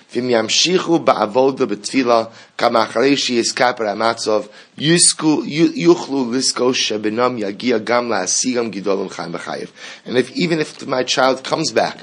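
A man's voice: medium pitch, fairly bright tone. A man teaching a Torah class in an earnest lecture style, repeating key phrases for emphasis and mixing in Hebrew and Yiddish terms.

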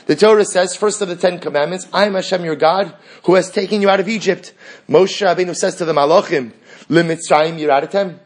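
Guy with a highish voice teaching talmud, acts out the dialogue, animated, asks a lot of questions. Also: a little fast. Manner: animated storytelling, acting out dialogue between characters; frequent restarts and rhetorical questions. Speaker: Torah teacher. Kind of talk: Talmud class lecture.

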